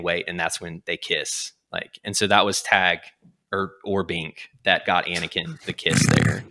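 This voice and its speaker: A young man hosting a podcast, casually retelling a comic story and acting out its lines in quick quotes. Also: medium pitch, sharp tone. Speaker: podcast host.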